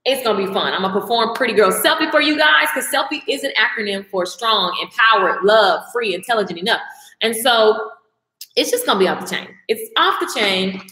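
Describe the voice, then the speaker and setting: Lady live streaming, chatty and emphatic, bright voice, kinda echoey. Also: on the high side, animated, a little fast. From American South. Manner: chatty and emphatic, talks straight to viewers. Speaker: makeup and mindset coach. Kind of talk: casual livestream chat.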